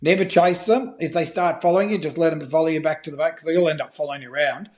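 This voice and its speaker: Aussie bloke telling fishing yarns, swears a lot, kinda high voice. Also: male voice, racing. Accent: Australian. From Australia. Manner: animated storyteller, swears freely. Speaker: guest, fishing filmmaker. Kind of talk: casual podcast chat.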